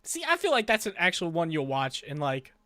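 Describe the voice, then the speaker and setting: A man co-hosting a fan review podcast, chatting casually with excitable, quick back-and-forth banter. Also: on the high side, no echo, studio quality. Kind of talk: casual chat.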